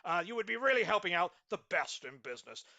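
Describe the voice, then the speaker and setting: A man's voice: sits high, very animated, quick pace, bright, forceful tone. A man hosting a satirical business advice show in a pompous, mock-serious guru manner, with frequent ums.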